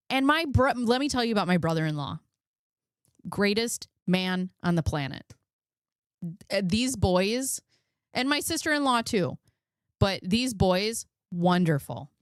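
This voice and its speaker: A woman's voice: mid-range voice, expressive, a little slow, dry recording, clean studio sound. A woman in her thirties hosting a commentary channel, telling candid personal stories in a chatty, casual way and reading out case notes.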